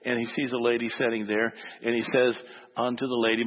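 A man's voice: mid-range voice, level tone, brisk, in a large hall, dull audio. A man preaching a sermon, telling a story and acting out its voices before making his point. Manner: storytelling, acts out voices in the anecdote. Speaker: pastor.

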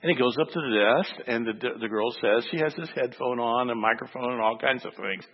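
A man's voice: mid-range voice, fairly quick, long reverb tail, dull audio. A man preaching a sermon, telling a story and acting out its voices before making his point. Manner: storytelling, acts out voices in the anecdote. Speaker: pastor.

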